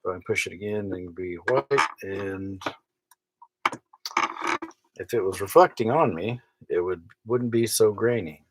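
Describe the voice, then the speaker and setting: A man's voice: low voice, unhurried, long pauses, noisy background. A man, chatting casually from a tiny sailboat cabin and reading viewer comments aloud with wry mock outrage. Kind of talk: casual live-stream chat. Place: small cabin of a sailboat at night.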